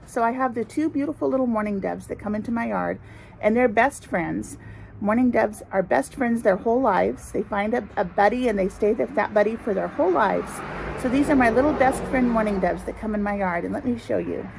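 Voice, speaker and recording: A woman's voice: on the high side, creaky, a little hiss or hum, rough recording. Sing-song woman teaching small children outdoors. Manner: gentle, slow, sing-song and explaining. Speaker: preschool teacher. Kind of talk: circle time lesson for young children. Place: outdoors in a front yard.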